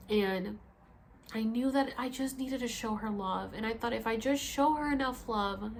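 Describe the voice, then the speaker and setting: Animated young woman retelling a story. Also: fairly high pitch. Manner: animated retelling with acted-out quotes; emotional, tearful at times. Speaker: vlogger. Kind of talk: storytelling vlog.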